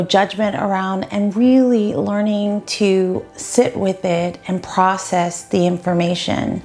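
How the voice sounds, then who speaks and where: Woman coach talking to camera, calm encouraging advice, mid pitch voice. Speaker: dating coach.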